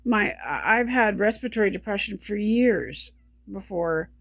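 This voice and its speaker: A woman speaking in a personal video diary, short of breath while talking, halting and stumbling with many restarts, weary and subdued. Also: mid-range voice, animated, creaky, a bit bright, dry recording, studio quality. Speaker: vlogger.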